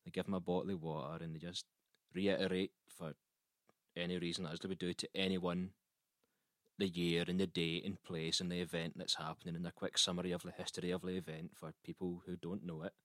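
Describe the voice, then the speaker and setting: Low-voiced man telling a rambling comic tale. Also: level tone, brisk, fairly bright tone, no room sound, studio quality. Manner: rambling, self-interrupting with repeated restarts. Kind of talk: comic storytelling.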